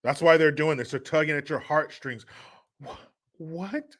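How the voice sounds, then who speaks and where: A man hosts a solo commentary show with a somewhat high voice. His tone is forceful and tense, and his talk is crude and mocking, with scornful laughs. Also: steady tone, brisk. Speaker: podcast host.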